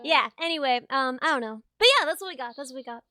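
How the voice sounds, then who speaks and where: A woman streamer chatting casually with her live viewers, bubbly and excitable, gushing and thanking people as she goes. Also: sits high, music in the background. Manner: bubbly and excitable, quick to gush and laugh.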